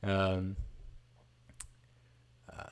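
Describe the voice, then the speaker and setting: A man with a somewhat low voice hosts a casual solo podcast. He rambles, stops and restarts often. He laughs at himself when he loses a word. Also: monotone, smooth. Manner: rambling, halting, with frequent restarts and fillers; self-deprecating, laughs at himself. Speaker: podcast host. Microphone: streamed podcast mic.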